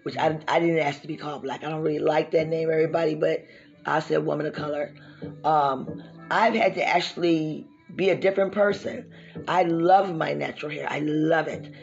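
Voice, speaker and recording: A woman hosts a casual chat show in a deep voice with vocal fry, speaking at a moderate pace. She tells stories with a laugh, calling her listeners y'all, and the lo-fi recording has soft background music.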